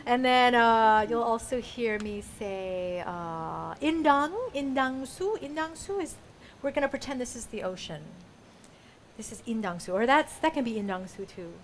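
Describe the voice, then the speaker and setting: High-voiced woman coaching a live audience. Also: animated, fast, slight background noise. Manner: playful, chatty, laughs often. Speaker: solo musical performer. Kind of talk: explaining audience call-outs at a live show. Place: museum performance space with live audience.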